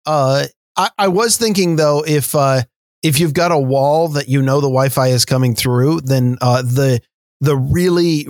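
A man's voice: mid-range voice, dry recording, clean studio sound. A man co-hosting a casual podcast chat, who tells stories with lots of restarts and slips in wry jokes. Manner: storytelling with many restarts and fillers, wry jokes. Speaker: podcast co-host.

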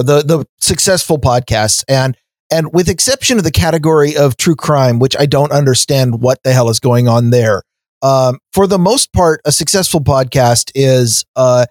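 A man's voice: on the high side, a little mellow, no echo. A man co-hosting a podcast, ranting in a casual chat with many fillers and restarts. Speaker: podcast co-host.

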